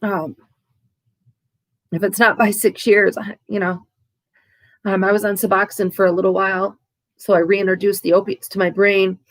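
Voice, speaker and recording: A woman vlogger speaking candidly and haltingly about her own recovery, with frequent restarts. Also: medium pitch, flat delivery, dry recording. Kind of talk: candid, emotional to-camera talk.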